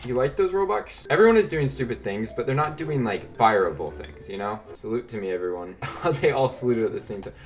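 A man giving lively, bossy, teasing commentary as a gaming YouTuber over his own gameplay. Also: mid-range voice, a little fast, few pauses.

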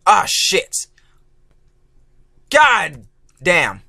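A man doing let's play commentary as a gaming YouTuber, excitable and swearing, yelling at the game and groaning when he fails. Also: high voice, a little slow, long pauses, no echo, clean studio sound. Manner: groaning frustration at failures.

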